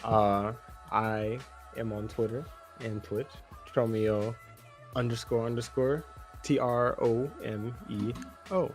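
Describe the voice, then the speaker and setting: A young man, a podcast guest, chatting in relaxed, easygoing slang. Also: mid-range voice, takes it slowly, faint music behind. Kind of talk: casual chat.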